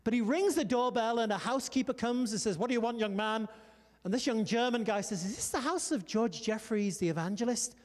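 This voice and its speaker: High-voiced male preacher in a reverberant hall. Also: a little fast, hardly any pauses. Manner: storytelling, animated preaching with "come on" and "amen" calls. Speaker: pastor. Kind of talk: sermon.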